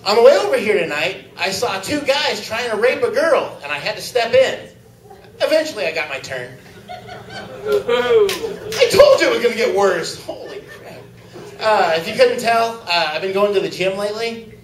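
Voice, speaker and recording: High-voiced man for a crude open-mic stand-up set; roomy club sound, mic at a distance. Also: very animated, normal speed. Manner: crude joke-telling, laughing at own jokes. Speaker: stand-up comic. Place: small comedy club.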